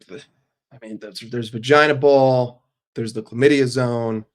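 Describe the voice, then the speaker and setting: A man with a voice of middle pitch hosts a live stream and answers his chat in a loose, casual way. He talks bluntly, swears a lot and makes quick jokes. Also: steady tone. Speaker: livestream host.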